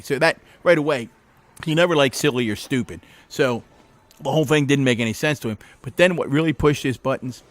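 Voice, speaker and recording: A middle-aged man as a podcast guest, telling animated anecdotes with frequent laughs in a cafe interview. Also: medium pitch, no room sound. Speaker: podcast guest, former county executive. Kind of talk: casual interview storytelling.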